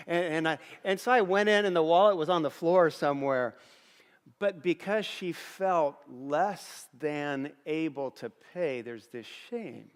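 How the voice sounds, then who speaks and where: A man's voice: a little high, moderate pace, smooth. A middle-aged man preaching a sermon as a pastor, earnest, telling stories and repeating phrases for emphasis. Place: church auditorium. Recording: long hall reverb.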